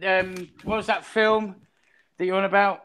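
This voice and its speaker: A man's voice: high-pitched, little pitch movement, moderate pace. A man teasing others in casual banter. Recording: crowd noise behind.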